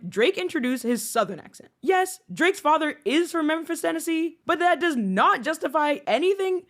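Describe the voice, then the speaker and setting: Young woman, high voice, animated swoops, sarcastic, indignant commentary. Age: 20s. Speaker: commentary channel host. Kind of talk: scripted commentary monologue.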